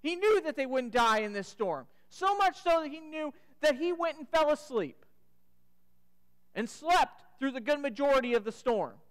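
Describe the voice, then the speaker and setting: A man preaching a sermon, retelling a story dramatically and sometimes dropping to a hush. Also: very high-pitched, lively intonation, moderate pace. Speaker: pastor. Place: church sanctuary. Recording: church sanctuary with long reverb.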